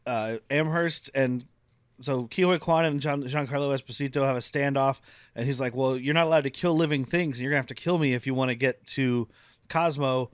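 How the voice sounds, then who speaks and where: A man's voice: medium pitch, a little fast, clean tone, no echo, clean studio sound. Wry man recapping a movie plot. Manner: narrating plot with wry asides. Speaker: podcast host recapping the film. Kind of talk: casual movie-recap banter.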